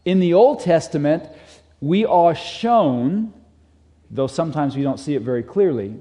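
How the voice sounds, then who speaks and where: Male preacher, slightly high voice, mellow timbre, emphatic sermon delivery, long hall reverb. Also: lively intonation, measured pace. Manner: emphatic, repeats key phrases.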